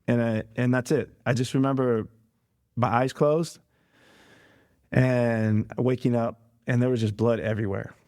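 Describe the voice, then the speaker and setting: A man as a podcast guest, telling a story in a casual interview, animated and acting out the voices of others. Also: medium pitch, a little slow, no echo, clean studio sound. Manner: animated retelling, acting out quoted voices, laughing.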